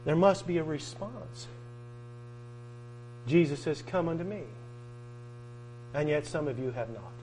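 A man preaching a sermon, emphatic and repetitive, drawing out key words and swinging from loud to quiet. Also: a little high, lively intonation, a little slow, pauses often, slight background noise, rough recording.

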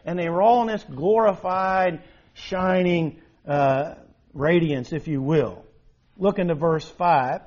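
A man preaching a sermon in an animated way, with emphatic rises and rhetorical questions. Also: fairly high pitch, slow. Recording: dull lo-fi recording.

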